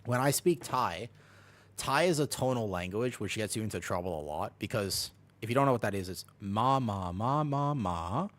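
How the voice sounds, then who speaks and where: A man's voice: lowish voice, lively intonation, a little fast, a bit bright. A young man chatting casually while streaming a game, answering chat, hopping between topics and laughing often. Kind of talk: casual live-stream commentary while gaming.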